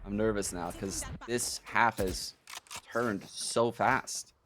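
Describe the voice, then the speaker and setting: A young man giving colour commentary on an esports match, excitable and quick to laugh. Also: lowish voice. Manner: excitable, animated, laughing easily. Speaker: esports analyst caster.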